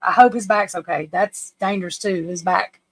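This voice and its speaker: A woman's voice: fairly low pitch, moderate pace, no echo, rough recording. A woman hosting a casual livestream, anxious and flustered, often breaking off and restarting her sentences. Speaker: livestream host.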